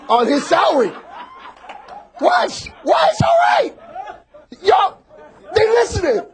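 Male pastor, preaching voice pitched high, big swings, shouts to the pews. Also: creaky. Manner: animated preaching, often bursts into shouts and calls out to the congregation. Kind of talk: sermon.

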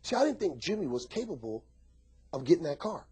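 A male pastor preaching a sermon, talking animatedly to his congregation and often bursting into shouts. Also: fairly high pitch, very animated, fairly quick, slightly rough.

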